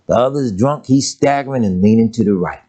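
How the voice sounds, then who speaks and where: An older man preaching a folksy, humorous sermon, telling stories and swinging from low murmurs to high exclamations. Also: fast, dark tone. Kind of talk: sermon with storytelling.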